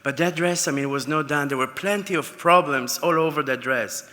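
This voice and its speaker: Guy giving an award speech, kinda high voice, super bright and sharp, big echoey hall. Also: moderate pace. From Israel. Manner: anecdotal storytelling with fillers and restarts. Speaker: award recipient. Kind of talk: acceptance speech. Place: large banquet hall. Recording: reverberant hall with PA.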